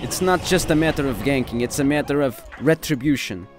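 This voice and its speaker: A man's voice: mid-range voice, brisk, over music. A man giving gameplay commentary, ranting in irritation at other players. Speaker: gaming YouTuber.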